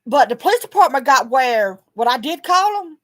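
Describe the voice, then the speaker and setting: A woman's voice: high-pitched, big pitch swings, normal speed. A middle-aged woman speaking bluntly in a video journal, swearing often as she vents her frustration. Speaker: vlogger.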